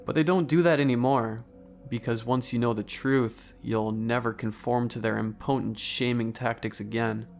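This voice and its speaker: A man doing a monstrous glutton in a creepy storybook tale, wheezing and snarling as he preaches appetite in a low, gravelly hush. The voice stays soft and fervent, like a sermon whispered over a feast, with faint music underneath. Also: steady tone, normal speed, lightly acted. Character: gluttonous huge man preaching endless hunger.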